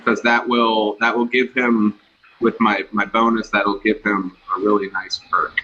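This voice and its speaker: Bright-voiced man on a dull muffled mic. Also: lowish voice, measured pace. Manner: relaxed, laughing, explaining his moves. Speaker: player. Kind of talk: tabletop role-play session.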